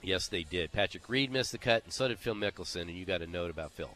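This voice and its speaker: Deep, bright-toned man chatting golf. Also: animated, fast talker. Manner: runs down leaderboard, conversational with fillers. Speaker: co-host. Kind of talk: casual golf chat.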